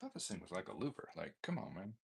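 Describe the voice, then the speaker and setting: A man's voice: deep voice, sing-song, very fast, creaky, slight background noise. A man casually testing a guitar effects pedal, muttering to himself as he fiddles and making mildly exasperated asides. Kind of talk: casual gear demo, thinking aloud.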